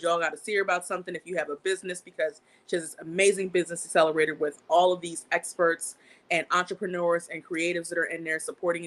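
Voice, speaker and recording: An animated woman hosts a channel and tells a story casually on a live stream, clearly outraged. She swears freely, and her pitch jumps up whenever the outrage peaks.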